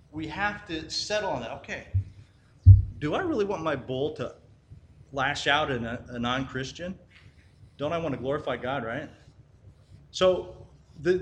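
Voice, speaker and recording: A man's voice: a little high, a bit bright. A man giving an informal sermon, telling a parable in a conversational way and often checking in with "right?". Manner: conversational, repeats "right?", frequent restarts and fillers. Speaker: Christian teacher. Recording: echoey room with faint ambient noise.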